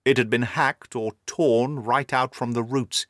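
A man narrating a period story in a measured, formal storytelling manner. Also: medium pitch, steady tone, fairly bright tone, dry recording, clean studio sound. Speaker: audiobook narrator.

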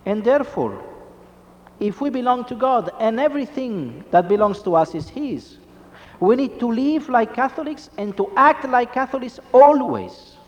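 A man with a high voice delivers a Catholic sermon, pitch rising and falling widely as he presses his points with rhetorical questions. His voice rings out with a long reverb, as if in a church. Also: big pitch swings, moderate pace, muffled recording. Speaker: Catholic preacher.

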